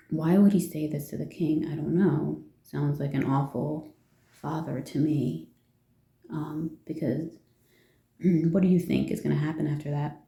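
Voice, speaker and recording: A woman's voice: low-pitched, steady tone, a little slow, vocal fry, warm tone, reverberant. A woman casually retelling a fairy tale from her notes. She rambles, asks rhetorical questions and gives her opinions along the way. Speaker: vlogger.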